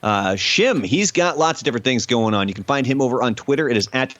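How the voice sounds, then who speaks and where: A man's voice: mid-range voice, lively intonation, fast, fairly bright tone, no echo. A man co-hosting a podcast in loose casual chat, swearing freely and reading out the show's plugs and thanks. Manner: swearing, laughing, reads social plugs. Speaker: podcast co-host.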